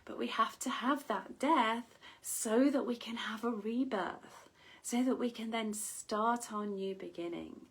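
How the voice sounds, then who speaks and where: Woman, wellness coach, slow unhurried delivery, soft breathy half-whispers, motivational talk. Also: fairly high pitch, poor audio.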